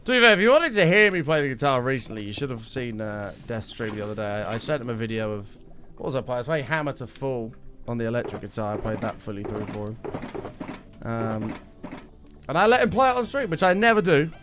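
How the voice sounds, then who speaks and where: A young man chatting with his stream audience in an excitable, casual way, his voice worn and strained. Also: medium pitch, a little fast, faint music behind. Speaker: livestreamer.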